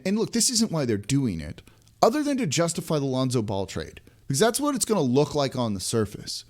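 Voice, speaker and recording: A man hosting a sports podcast, ranting in exasperation with many restarts and rhetorical questions. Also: fairly high pitch. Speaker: podcast host. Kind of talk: frustrated sports podcast rant.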